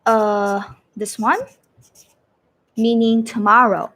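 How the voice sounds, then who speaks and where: A woman with a fairly high voice teaches Mandarin over a live stream. She speaks in an unhurried way, stretching out the tones and repeating each example so viewers can follow. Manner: demonstrates tones by sliding her voice up and down, repeats phrases slowly. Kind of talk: live-streamed language lesson.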